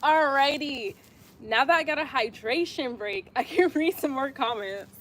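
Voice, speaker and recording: A young woman talks casually to her live-stream viewers between exercises. Her voice sits high and sounds bright. She giggles often and repeats phrases, recorded on a phone camera. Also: measured pace, slight background noise. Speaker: livestreamer reading chat comments.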